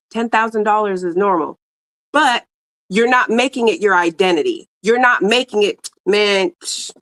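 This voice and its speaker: A woman doing a tarot reading, talking casually and directly to her audience in slangy speech. Her pitch sits in a middling range for a woman. The sound is dry and close. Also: no room sound. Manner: slangy, talks to viewers directly with many fillers. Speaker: tarot reader.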